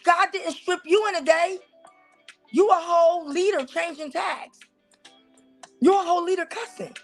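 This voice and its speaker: A high-pitched woman with a Southern US accent hosts her own talk show, lively and preachy with a teasing edge as she speaks directly to viewers. Faint music plays underneath her voice. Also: moderate pace. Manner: animated, preachy and teasing, talks straight to viewers. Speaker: host. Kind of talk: casual commentary on church life.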